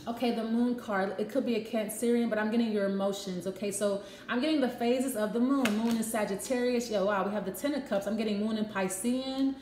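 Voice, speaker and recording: A woman's voice: on the high side, fairly quick, hardly any pauses, darkish tone. A woman giving a casual tarot love reading, chatty and repetitive, with frank, profane asides. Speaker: tarot reader. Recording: echoey room with faint noise.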